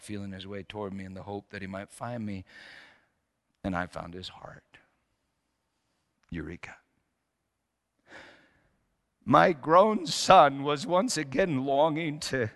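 Middle-aged male preacher, mid-pitched, storytelling sermon, long hall reverb. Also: gravelly. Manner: storytelling, swings from hushed to emphatic.

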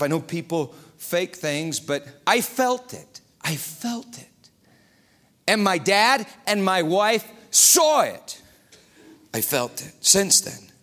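A man preaching from the pulpit with a bright, forceful tone. He speaks slowly and deliberately, but his storytelling is animated, swinging from shouted peaks to hushed, low passages. His pitch sits a little on the high side. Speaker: pastor. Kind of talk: sermon.

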